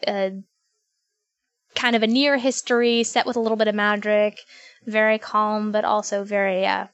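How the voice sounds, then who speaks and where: A woman's voice: medium pitch, level tone, normal speed, no echo, highs cut off. A woman co-hosting a podcast in casual chat, teasing and talkative. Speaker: podcast co-host.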